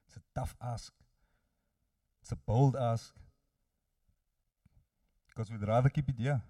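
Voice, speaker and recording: A man's voice: mid-range voice, steady tone, slow, pauses often, mellow, no echo, studio quality, recorded from a distance. A man preaching a sermon, earnestly addressing his listeners directly.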